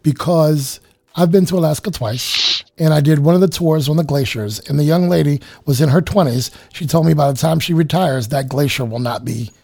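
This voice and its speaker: A man's voice: a little high, moderate pace, gravelly, dry recording. An American man hosting a casual chat, affirming often and sharing his own travels. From United States. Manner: warm, affirming, many yeses. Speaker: host.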